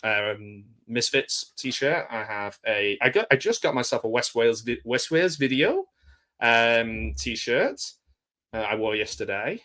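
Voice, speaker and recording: A man with a soft South Manchester accent, chatting as a guest on a video call in a jokey, rambling way. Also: mid-range voice, expressive, a little slow. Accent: South Manchester English. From England. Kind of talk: casual video-call chat.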